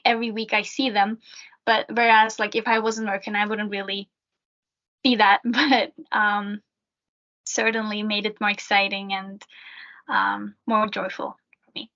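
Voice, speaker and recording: A woman's voice: medium pitch, fairly bright tone. A young woman who works as a student peer helper, answering interview questions in a chatty way with a lot of fillers. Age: young adult. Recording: dull lo-fi sound.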